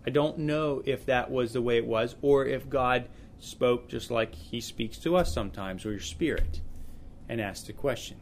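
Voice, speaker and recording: A man's voice: mid-range voice, moderate pace, a little hiss or hum. A man leading a small-group Bible study in an informal teaching style, earnest and often repeating words as he thinks aloud.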